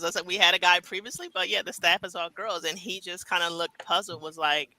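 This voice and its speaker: A woman who runs a repair shop, telling a relaxed anecdote on a video call. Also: on the low side, fairly quick, few pauses, rough recording. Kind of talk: casual panel chat.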